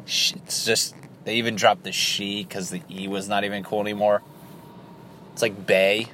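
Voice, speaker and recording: A man's voice: lowish voice, flat delivery, normal speed, pushed and bright. A comedian rambling through crude, profane jokes while driving, laughing at his own bits. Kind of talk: rambling comedy workshop monologue. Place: car, driving. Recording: car road noise behind.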